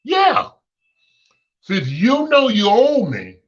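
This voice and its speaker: A man from Chicago, hosting a talk show and delivering a blunt, sassy, unscripted rant, his pitch jumping high when he is exasperated. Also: lively intonation, unhurried, fairly bright tone, husky, muffled recording.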